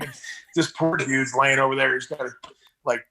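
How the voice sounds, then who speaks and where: A man's voice: mid-range voice, moderate pace. A middle-aged man, a veteran rescue swimmer and paramedic, telling rambling stories in a casual interview and acting out the voices of the people in them. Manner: rambling, animated, acts out voices in anecdotes.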